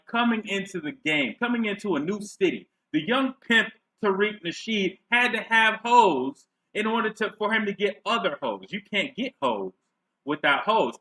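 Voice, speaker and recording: A man's voice: high voice, sharp tone, poor audio. A man giving a sarcastic, profane commentary rant into a clipping microphone set away from his face. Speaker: commentary vlogger. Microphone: clipping mic held away from face.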